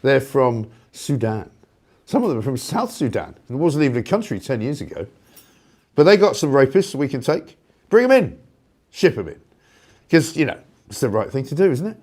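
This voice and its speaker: A man hosting a live talk show, delivering a sarcastic, indignant opinion rant with loud outbursts. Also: mid-range voice, big pitch swings, normal speed.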